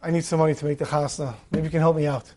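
A man's voice: fairly high pitch, little pitch movement, racing, darkish tone, voice pushed down, natural voice. A man voicing a poor, humble man in a parable who hesitantly asks his brother for money. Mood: pleading.

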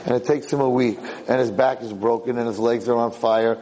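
A man tells a parable as a lecturer, animated and lively, mixing Yiddish words into his English. His voice sits at an ordinary middle pitch. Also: a little fast, slight background noise, rough recording. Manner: animated storyteller, Yiddish-sprinkled. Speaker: Jewish lecturer.

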